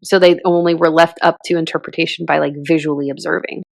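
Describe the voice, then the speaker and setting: A woman's voice: sits low, flat delivery, quick pace, creaky, no room sound. A young woman from Southern California co-hosting a casual podcast, talking in a chatty way with lots of fillers and laughs. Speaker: podcast co-host. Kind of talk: casual chat.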